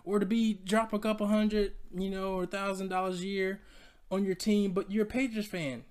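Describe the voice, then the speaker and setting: A podcast host from Georgia, riffing in a casual solo monologue. The delivery is chatty and playful, with frequent laughter, and it is pitched right at the listeners. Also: little pitch movement, moderate pace, darkish tone, clear, resonant tone. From Georgia, USA.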